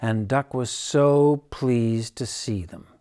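A man reading a children's picture book aloud, gentle and dramatic. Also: mid-range voice, slow pace. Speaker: storyteller.

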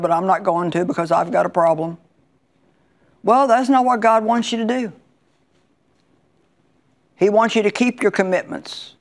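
A woman Bible teacher preaching a sermon in a conversational, emphatic way, repeating her key lines. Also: medium pitch.

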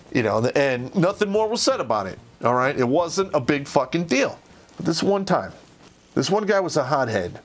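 A man casually telling an army anecdote, swearing constantly and retelling it with animated energy. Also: medium pitch. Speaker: army veteran storyteller.

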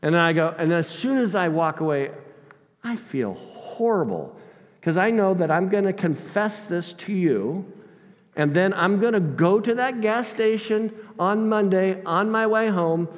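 A man preaching a sermon, telling self-deprecating personal stories with animated delivery. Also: sits high, measured pace, long reverb tail, lo-fi sound. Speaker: pastor. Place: church sanctuary.

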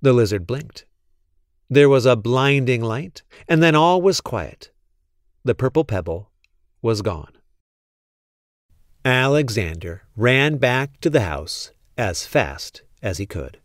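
A man reading a children's picture book aloud in an expressive storytelling manner. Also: medium pitch, takes it slowly, pauses often, no echo, clean studio sound.

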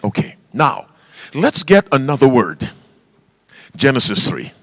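Lively, slow-paced male preacher. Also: medium pitch, no echo. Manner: call-and-response questions to the congregation; reads scripture aloud in King James wording. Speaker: pastor. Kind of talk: sermon.

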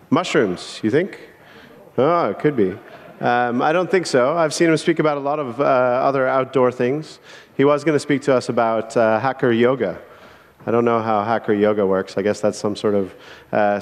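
Male conference host, playful and teasing, mid-pitched, echoing hall. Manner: playful, teasing, hesitant with fillers. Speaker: event host introducing speakers. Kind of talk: casual joking stage introduction.

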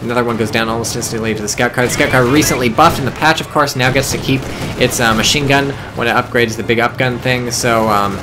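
A man casually commentating a strategy game, chatty and rambling with joking asides. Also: lowish voice. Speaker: game caster.

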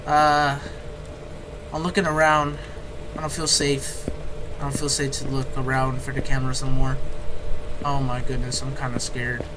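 A man's voice: mid-range voice, completely flat delivery, normal speed, pauses often, background noise. A man giving let's play commentary, jittery, repeating phrases and calling his viewers bro. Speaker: gamer.

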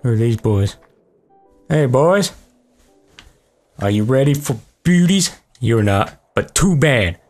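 A young man commentates a video game in a loose, brash and profane way, getting excited as he plays. His voice sits at an ordinary middle pitch for a man. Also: slow pace, pauses often, faint music behind. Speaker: gaming channel host. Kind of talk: casual let's play commentary.

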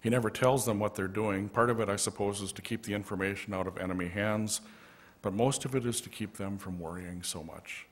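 Brief: male pastor, slightly low voice, gentle storyteller in a church sanctuary. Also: fairly even intonation, fairly quick. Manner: gentle storytelling with soft asides. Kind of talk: storytelling sermon.

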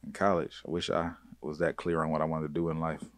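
A man's voice: very deep voice, little pitch movement, fast talker. A man in his thirties hosting a casual podcast, talking in a laid-back, slangy way and laughing often. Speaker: podcast host.

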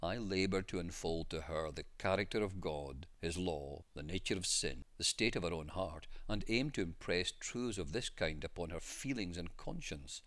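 Deep-voiced man reading in measured tones. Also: fairly bright tone. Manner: measured, formal delivery. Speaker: narrator reading a pastor's memoir. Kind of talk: scripted narration.

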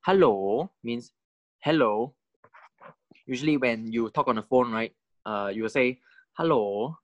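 A man's voice: medium pitch, no echo, dull audio. A man giving a recorded language lecture, his voice dry and close with almost no room sound. He explains step by step and keeps stopping to check that you follow. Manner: deliberate, keeps checking in with "right?" and "correct?". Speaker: Thai language teacher.

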